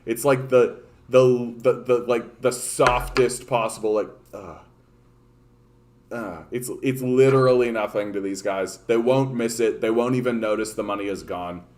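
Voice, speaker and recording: A man's voice: mid-range voice, measured pace, a little mellow, a little hiss or hum. Profane rambling male livestream host. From Canada. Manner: profane, rambling, sarcastic, many restarts. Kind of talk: casual ranting livestream chat.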